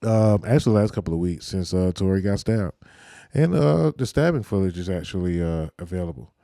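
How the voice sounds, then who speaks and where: A man's voice: low-pitched, expressive, fairly quick, gravelly, dark tone, no echo, clean studio sound. Laid-back man hosting a podcast, slangy. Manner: loose and rambling, heavy fillers and slang. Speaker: podcast host. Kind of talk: casual livestream podcast chat.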